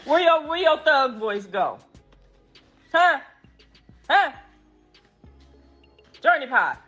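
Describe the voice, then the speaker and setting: A woman's voice: sits high, sing-song, very slow, sharp tone, faint music behind. A woman playfully teasing her small child in a casual clip. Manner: teasing, playful baby talk. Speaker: mother talking to her toddler. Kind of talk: playful social media clip.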